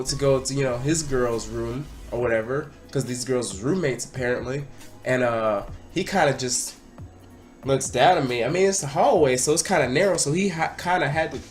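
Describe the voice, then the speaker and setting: Young guy vlogging, hyped storytelling, middle pitched voice, faint music behind. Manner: animated, excitable, breaks into loud acted-out quotes. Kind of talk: casual storytelling to camera.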